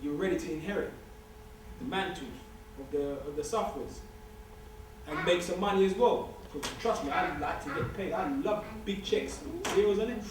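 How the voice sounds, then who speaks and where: Guy giving a casual talk to students, jokey and repeats himself, kinda high voice, far off in a super echoey hall. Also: moderate pace, background noise. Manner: streetwise, joking, emphatic repetition. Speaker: guest speaker. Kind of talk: informal lecture to a student society. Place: large lecture hall. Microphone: far room recording. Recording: distant echoey hall recording.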